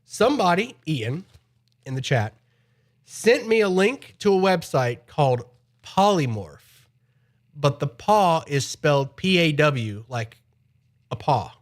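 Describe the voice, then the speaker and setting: Slightly nasal, lively male streamer. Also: a little high, takes it slowly, pauses often. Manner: rambling, chatty, repeats himself. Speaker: live streamer. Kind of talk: casual chat.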